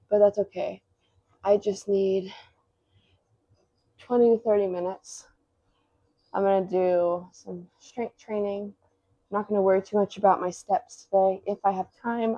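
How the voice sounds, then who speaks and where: A woman's voice: mid-range voice, mellow, highs cut off. A woman vlogging casually as a busy mom, chatty and rambling with a self-deprecating streak. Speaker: vlogger and stay-at-home mom. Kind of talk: casual vlog chat.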